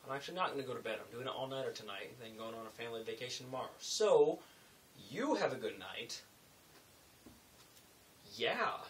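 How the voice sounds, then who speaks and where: A young man tells a rambling story to camera in a casual vlog, full of asides and self-corrections. His pitch is ordinary, and he sounds a bit away from the mic. A faint hiss runs under his voice. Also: fairly quick, pauses often, recorded from a distance, rough recording. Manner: rambling, animated retelling with asides. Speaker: vlogger.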